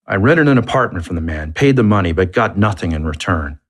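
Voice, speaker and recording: A man's voice: sits low, lively intonation, brisk. A man voicing a flustered, geeky middle-aged lawyer who talks indignantly and defensively, in a storybook reading.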